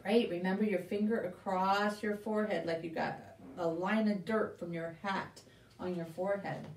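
A woman's voice: medium pitch, normal speed, slight background noise. A woman librarian reading a picture book aloud at a live children's story time, asking questions, making animal sounds and teaching signs. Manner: animated, questioning, sound effects and sign language for kids. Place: library room. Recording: roomy echo, voice from a distance.

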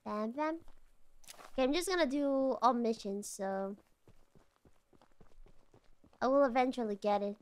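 A woman streaming a game, with excitable, playful commentary, humming and repeating words in sing-song. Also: fairly high pitch, measured pace, long pauses. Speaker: VTuber streamer. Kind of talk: casual gameplay commentary.

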